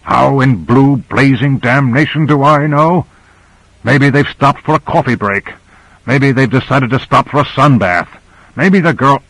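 A man plays a gruff, impatient man in charge, exasperated and quick to swear. The voice sits at an ordinary pitch and sounds dry and close in an audiobook. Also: lively intonation, fairly bright tone, no room sound, low-quality recording.

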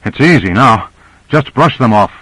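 A man voicing a calm male hero who reassures and explains in an even voice. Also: mid-range voice, moderate pace, no echo, low-quality recording. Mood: relieved.

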